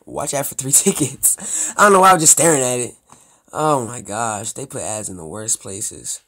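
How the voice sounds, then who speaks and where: A man's voice: medium pitch, normal speed, bright, forceful tone. A young man reading a story game aloud, breaking off into joking, rambling asides. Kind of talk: let's play commentary.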